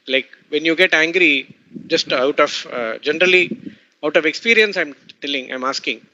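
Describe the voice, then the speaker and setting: A man asking his teacher a question in an online class, hesitant and halting. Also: on the high side, pushed and bright. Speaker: student. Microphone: video call. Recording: dull lo-fi online call.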